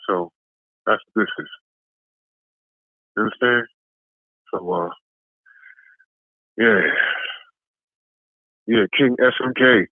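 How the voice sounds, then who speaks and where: A man's voice: fairly low pitch, no echo. A tired man calling in, delivering an aggressive, repetitive, profane trash-talk rant. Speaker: caller. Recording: tinny phone line, dry.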